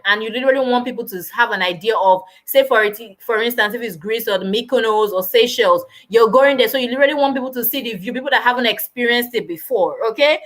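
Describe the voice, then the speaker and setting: A woman's voice: a little high, a bit bright. A young woman hosting a live stream, chatting casually and animatedly while answering viewer comments.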